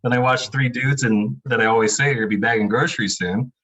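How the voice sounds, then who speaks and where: A man guest on a sports podcast, talking in a relaxed, wry way with lots of fillers. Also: mid-range voice, quick pace, a little hiss or hum, poor audio. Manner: laid-back, wry, rambling with many fillers. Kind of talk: casual podcast chat.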